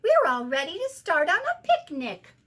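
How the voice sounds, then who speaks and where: A woman voicing a mother cat in a storybook, speaking briskly as she scolds. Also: very high-pitched, huge pitch swings, fairly bright tone, voice pushed up, exaggerated voice. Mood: fussing.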